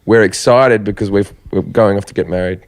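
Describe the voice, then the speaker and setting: A man's voice: fairly low pitch, steady tone, fairly quick, no echo. A man chatting on a comedy podcast who teases the others and tells wry stories. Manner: wry, teasing interjections. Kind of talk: casual comedic chat.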